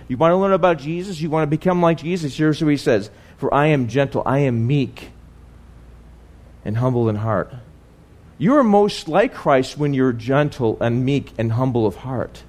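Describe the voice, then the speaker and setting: A man with a slightly high voice delivers a sermon as though chatting with his listeners. He stumbles and repeats words, checks in with "right?", and sinks into soft, low tones to press a point home. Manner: conversational, repeats words, asks "right?" often. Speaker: preacher. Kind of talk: conversational sermon.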